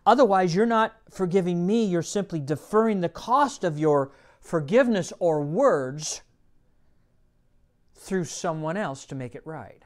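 A man's voice: sits high, a little mellow. A male pastor preaching a sermon in church, telling a folksy story and rising to emphatic bursts. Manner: folksy, self-deprecating.

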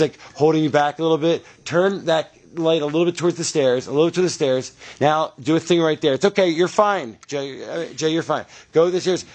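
A man directing actors on set, giving quick, encouraging instructions with frequent restarts. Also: fairly high pitch, a little mellow. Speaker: film director.

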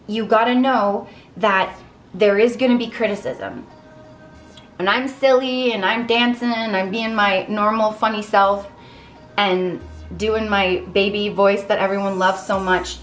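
A young adult woman talking candidly to camera in a casual vlog, earnest and reflective. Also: mid-range voice. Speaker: vlogger. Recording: echoey room with faint music.

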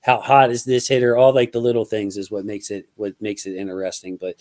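A man's voice: fairly low pitch, level tone, fairly quick, darkish tone. A man hosting a casual sports podcast, loose and slangy, talking football scouting with a guest. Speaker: podcast host.

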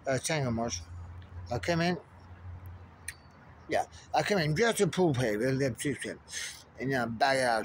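A man's voice: mid-range voice, a little hiss or hum. A man in a rambling monologue, muttering strings of numbers and codes to himself. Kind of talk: stream-of-consciousness monologue.

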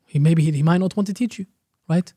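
Fast-talking man teaching religion. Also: a little high, warm tone, breathy edge, dry recording, studio quality. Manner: emphatic, repeats key phrases, asks rhetorical questions. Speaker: Islamic teacher, podcast guest. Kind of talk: explanatory religious talk.

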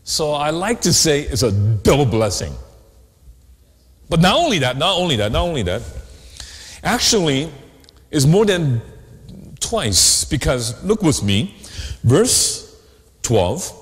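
A man preaching a sermon as pastor, animated, often asking the congregation questions. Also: fairly high pitch, takes it slowly, pauses often. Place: church sanctuary. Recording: long hall reverb.

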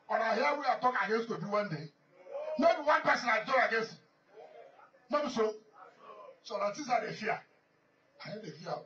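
Nigerian male politician, high voice, emphatic and repetitive, off-mic and muffled with faint hiss. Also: pushed and bright, far from the mic. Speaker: politician addressing a gathering. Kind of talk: off-the-cuff public speech.

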